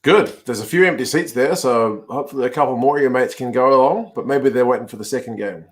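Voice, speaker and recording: A man's voice: mid-range voice, fast talker. A man hosting a live rugby watch-along, chatting casually, reacting to the play and answering viewer comments. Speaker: host.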